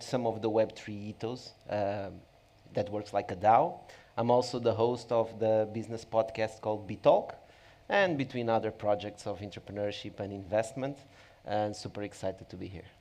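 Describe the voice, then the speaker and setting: A man's voice: fairly low pitch, a little mellow. A man who is an investor introducing himself on a panel, upbeat, with some hesitation.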